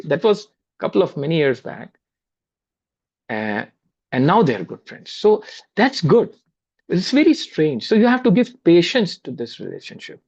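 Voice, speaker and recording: A man's voice: on the high side, very animated, a little slow, gravelly, darkish tone, breathy edge. A man with an Indian English accent telling a personal story during a spiritual talk over a video call, conversational and repeating his words. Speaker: spiritual class speaker. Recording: dull lo-fi video call audio.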